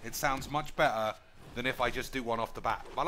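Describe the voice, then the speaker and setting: A man's voice: mid-range voice, fairly quick, fairly bright tone. A man with a London accent, a streamer thinking aloud over a card game in casual, joking commentary and swearing freely. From United Kingdom.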